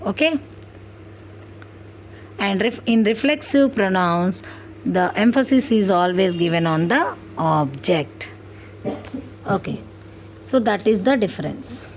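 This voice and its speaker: A woman's voice: mid-range voice, lively intonation. A woman teaching an English grammar lesson to children, explaining step by step and often checking that her listeners follow. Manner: slow, careful explaining with repeated check-ins. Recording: dull lo-fi sound with faint hiss.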